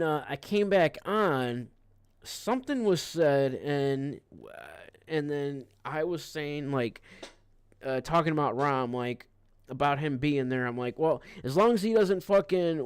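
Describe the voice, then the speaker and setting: A man's voice: mid-range voice, takes it slowly, smooth, no room sound, studio quality. A man streaming live, telling a rambling, profane story in an irritated, casual way. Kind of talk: casual livestream rant.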